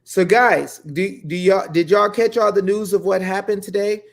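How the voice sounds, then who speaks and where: A man co-hosting a casual political talk show, playful and quick to exclaim and laugh. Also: high-pitched, vocal fry. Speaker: co-host.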